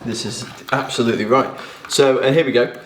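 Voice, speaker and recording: A man's voice: medium pitch, steady tone, a little fast, background noise. An English man demonstrates a bake on a live stream from his home kitchen. He describes the food with eager, rambling enthusiasm and plenty of fillers. The sound is roomy and echoey. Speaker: co-host cooking on a live stream. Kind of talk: casual cooking demonstration.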